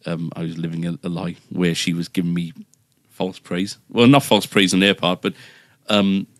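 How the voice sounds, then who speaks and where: A man with a very low voice tells a story in a loose, casual chat. He rambles and restarts often, mocking himself as he goes. His voice is recorded dry and close, with no room sound. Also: flat delivery, moderate pace, fairly bright tone, no room sound. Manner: rambling, self-deprecating, many fillers and restarts. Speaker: guitar shop staff member.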